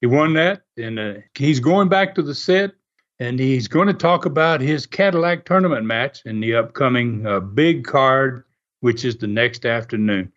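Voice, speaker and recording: A man telling stories in a casual, animated way, laughing often and acting out what others said. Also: medium pitch, moderate pace. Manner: animated, laughs often, acts out quoted voices. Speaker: guest recounting wrestling TV history. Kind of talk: casual storytelling. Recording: muffled lo-fi audio.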